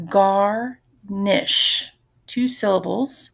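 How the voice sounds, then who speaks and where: A woman teacher giving an online phonics lesson, patient and slow, often repeating words. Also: mid-range voice, gravelly.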